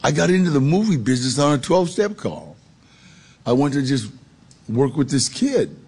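Gravelly husky man telling his story. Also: mid-range voice, big pitch swings, normal speed, darkish tone. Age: 40s or older. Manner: street-casual, gritty storytelling. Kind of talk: storytelling testimony.

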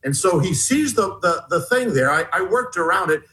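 Excitable man telling a rambling story. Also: high voice, rough recording. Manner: rambling, halting restarts, excited retelling. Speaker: author and guest. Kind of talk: storytelling interview.

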